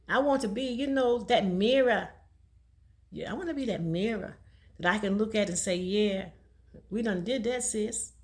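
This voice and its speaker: A woman telling a personal story in a casual vlog, talking fast and laughing often. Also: on the high side, a bit bright. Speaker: vlogger.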